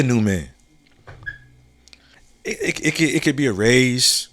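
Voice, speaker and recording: His mid-range voice is expressive with a sharp edge as he hosts his own podcast in a relaxed, reflective solo monologue. He speaks in drawn-out, laid-back phrases with slang and restarts, repeating key phrases and often asking "you know what I'm saying?".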